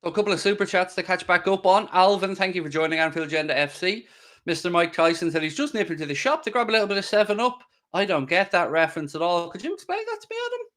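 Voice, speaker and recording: A man's voice: high voice, very animated, fast, fairly bright tone. A young English man hosting a casual football watchalong, chatty and teasing, reading viewer messages aloud. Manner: teasing, chatty, reads super chats. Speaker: host.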